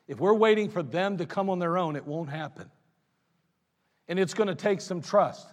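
A man's voice: high-pitched, moderate pace. A male pastor preaching a sermon, emphatic, with repeated phrases and a folksy storytelling manner. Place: church sanctuary. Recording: reverberant church hall.

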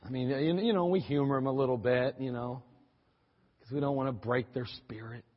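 A man's voice: mid-range voice, brisk. A man preaching a sermon, telling a childhood story in a folksy, humorous way and repeating phrases for emphasis. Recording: dull sound with long hall reverb.

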